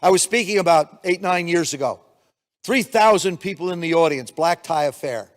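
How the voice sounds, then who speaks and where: A man in his seventies from the United States delivers a motivational keynote, spinning stories and acting out the dialogue in them. His voice sits fairly high for a man. The sound rings with the long reverb of a large hall. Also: moderate pace. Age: 70s. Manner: storytelling, animated, acts out dialogue. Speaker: keynote speaker.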